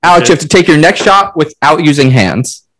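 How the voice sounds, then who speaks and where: A man hosting a podcast, reading out drinking-game prompts in a relaxed, casual way. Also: a little high, fairly quick. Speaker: podcast host.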